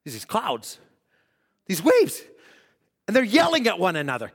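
A man preaching a sermon, swinging from loud exhortation to hushed, acted-out quotes. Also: high-pitched, huge pitch swings, measured pace, pauses often, slightly rough. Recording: long hall reverb.

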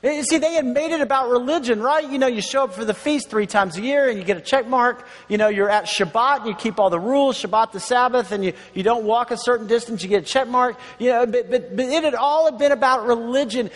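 A man with a notably high voice preaches a sermon in a relaxed, conversational way, repeating key words for emphasis and chuckling between points. His voice carries a long, echoing reverb from a large church hall. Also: a little fast, hardly any pauses. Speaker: pastor.

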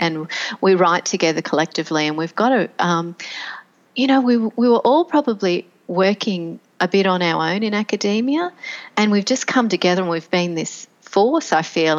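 A woman's voice: on the low side, muffled recording. A middle-aged woman, a podcast guest telling her story in a reflective way with many fillers and restarts. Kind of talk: conversational interview storytelling.

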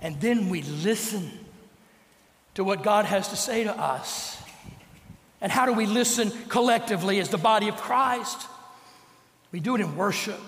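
An older man preaching a sermon as pastor, telling stories and dropping to a hush for emphasis. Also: very high voice. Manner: storytelling preacher, slows and drops to a hush for emphasis. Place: church sanctuary. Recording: echoey church hall.

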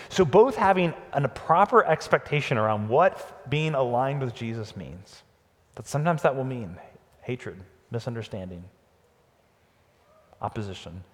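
A pastor delivering an earnest, emphatic Sunday sermon, his voice rising and dropping for emphasis. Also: medium pitch. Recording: long hall reverb.

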